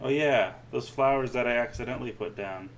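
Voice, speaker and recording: A man's voice: medium pitch, fairly quick, rough recording. A man giving casual gameplay commentary, musing aloud to himself with dry little asides.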